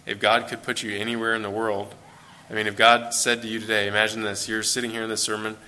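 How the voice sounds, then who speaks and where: An American man delivers a sermon to a church congregation. His voice sits fairly low but has a bright, forward edge. He talks in a loose, conversational way, with fillers and restarts. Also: completely flat delivery, quick pace. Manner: conversational, with fillers and self-corrections. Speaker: preacher.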